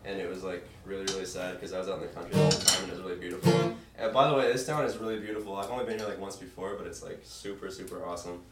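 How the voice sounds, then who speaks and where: A man's voice: sits low, fairly even intonation, racing, few pauses. A young man with a stuffy, nasal voice from allergies, rambling between songs at a small live show. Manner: rambling, filler-heavy, self-deprecating. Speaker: singer-songwriter. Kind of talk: casual live performance banter. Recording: roomy live sound from far off with guitar.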